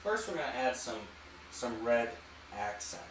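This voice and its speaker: A man hosting an art channel, walking through a painting demonstration in a relaxed way and thinking aloud as he works. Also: mid-range voice, a little slow, reverberant, slight background noise, poor audio. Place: home art studio.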